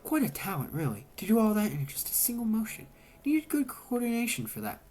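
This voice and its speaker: A woman reading a novel aloud as a narrator, telling the story with lively shifts and voiced dialogue. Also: medium pitch, a little fast. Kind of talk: audiobook-style reading.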